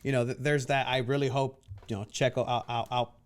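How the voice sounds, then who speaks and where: A man's voice: medium pitch, level tone, fairly quick. Rambling, stammering male podcast host. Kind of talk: casual interview chat.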